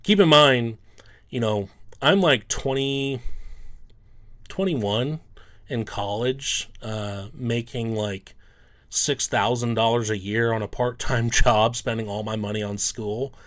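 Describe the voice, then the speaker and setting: A man's voice: medium pitch, takes it slowly, fairly bright tone. A sports card collector, a man, telling a personal story in a loose, rambling way, full of "um" and "you know".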